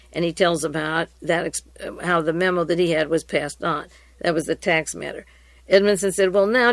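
A woman's voice: medium pitch, no echo. Woman reading hearing transcripts aloud. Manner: reads quoted exchanges in a steady, even voice, then comments with fillers and restarts.

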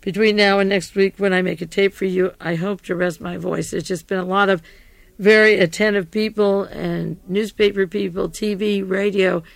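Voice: mid-range voice, fairly even intonation, moderate pace, creaky, no room sound. Radio commentator with a tired voice, rambles and corrects itself a lot, dry close sound. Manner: rambling, digressive, self-correcting. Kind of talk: taped radio monologue.

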